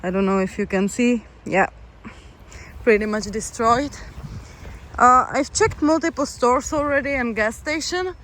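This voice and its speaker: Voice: mid-range voice, unhurried, a bit bright, rough recording. A young adult hiker chatting casually and wryly to the camera while walking outdoors by a road. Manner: chatty, easygoing, wry. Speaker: long-distance hiker, vlogger. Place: outdoors by a road in a town, windy. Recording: wind and traffic noise outdoors. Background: wind and passing vehicles.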